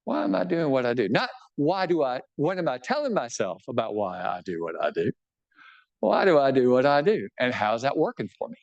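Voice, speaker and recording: A man's voice: mid-range voice, huge pitch swings, moderate pace, a little mellow, muffled recording. Bishop guy talking about his book to a crowd in the room, very up-and-down voice, jokey, keeps asking "right?". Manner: conversational, keeps checking in with listeners; self-deprecating humor. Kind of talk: informal book talk to a live audience. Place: talk in front of a live audience.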